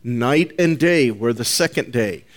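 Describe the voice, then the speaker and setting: A man preaching a sermon to his congregation in a deliberate, emphatic manner, repeating key phrases and calling his listeners "folks". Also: mid-range voice, expressive.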